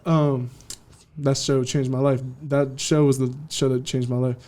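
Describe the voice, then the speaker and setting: A young man from California, a DJ guest telling his story in a casual interview, slangy and animated, acting out what people said. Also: medium pitch, a little slow. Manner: slangy, animated, acts out quotes.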